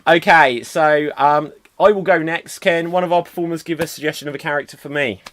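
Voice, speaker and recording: A man's voice: fairly high pitch, fairly even intonation, brisk, a bit bright. A man hosting a streamed improv show, announcing games and reading comments. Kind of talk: livestream hosting.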